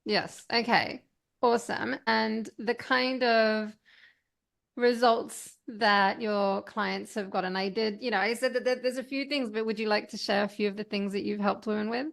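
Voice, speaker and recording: Affirming woman host with a gravelly voice. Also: mid-range voice, fairly even intonation, moderate pace. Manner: warm and affirming, repeats "I love that". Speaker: podcast host. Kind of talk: casual interview chat.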